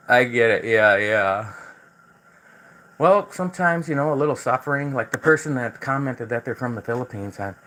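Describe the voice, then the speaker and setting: A man's voice: mid-range voice, lively intonation, normal speed, fairly bright tone, a little hiss or hum, poor audio. A man hosting a casual livestream, talking in a loose, rambling way that is full of repeated words and restarts. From United States. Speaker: livestream host.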